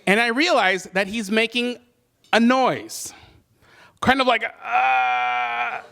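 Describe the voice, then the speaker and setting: A man's voice: very high voice, measured pace, pushed and bright. A man telling a personal story live, conversational and self-deprecating, with many fillers. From California.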